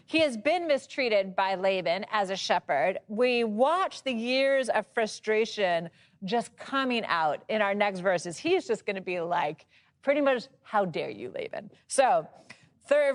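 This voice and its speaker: Explaining a Bible passage in a relaxed study session, a thirtysomething woman speaks in a mid-range voice. Her delivery is talkative and expressive, punctuated by frequent laughter.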